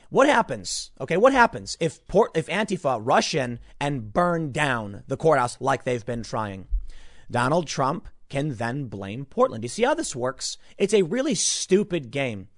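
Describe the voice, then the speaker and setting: A man giving opinionated news commentary, animated and sarcastic, sometimes mocking others in put-on voices. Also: on the high side, a little slow, no echo, clean studio sound. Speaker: political commentator.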